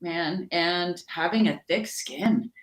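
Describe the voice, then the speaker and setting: Animated woman telling stories in an echoey room. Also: lowish voice, slow pace, noisy background. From Canada. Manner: animated, acts out quotes in other voices. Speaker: guest, sports announcer and weather anchor. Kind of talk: casual interview storytelling.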